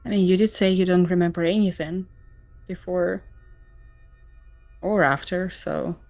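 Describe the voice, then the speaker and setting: A woman's voice: fairly low pitch, steady tone, a little slow, darkish tone, faint music behind. A woman playing a nervous, stammering character in a tabletop role-play game. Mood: flustered.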